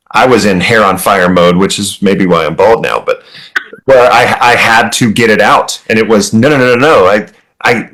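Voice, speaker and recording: A man talking as a podcast guest, candid and self-deprecating, speaking in quick bursts. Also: fairly low pitch, a bit bright, poor audio. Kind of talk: casual conversation.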